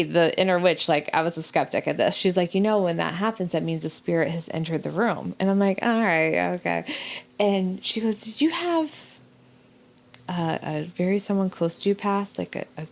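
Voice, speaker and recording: A middle-aged woman telling a personal story in casual chat, animated, acting out the voices of people she quotes. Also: lowish voice, moderate pace, vocal fry. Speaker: guest.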